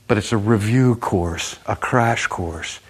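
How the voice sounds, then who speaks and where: A man preaching a sermon with a dramatic, emphatic delivery that ranges from loud to hushed. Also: on the low side, takes it slowly, slightly rough.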